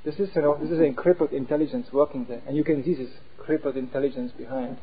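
A man giving an animated talk as a preacher, acting out voices as he explains. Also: a little high, quick pace. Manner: animated, acts out inner voices. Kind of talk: sermon-style talk. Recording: tinny phone-like sound.

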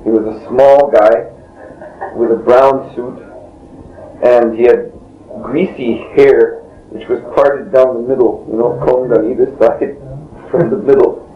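A man's voice: medium pitch, steady tone, slow, long pauses, warm tone. A man being interviewed, telling a long story in a rambling way, often breaking off and chuckling. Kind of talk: casual spoken storytelling. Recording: dull lo-fi tape in a roomy space, faint hiss.

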